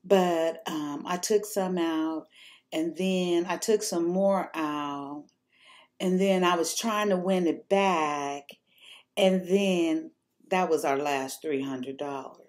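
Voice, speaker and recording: A woman's voice: fairly low pitch, slow pace. A woman telling a personal story to the camera in a casual, rambling way, swearing freely and filling gaps with ums and restarts.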